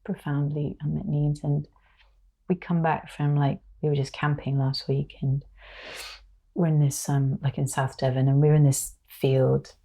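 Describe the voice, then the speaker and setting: A woman's voice: low voice, measured pace. A woman, a podcast guest telling stories in a casual, emotional way, full of fillers. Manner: emotional, animated, filler-heavy storytelling. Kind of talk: casual conversation.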